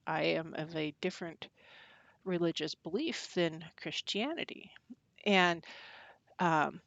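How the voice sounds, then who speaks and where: Low-voiced woman, halting casual talk. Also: vocal fry, no room sound. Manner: halting and rambling, many fillers and restarts. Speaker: pagan witch hosting a channel. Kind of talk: casual livestream talk, answering chat. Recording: dull lo-fi dry sound.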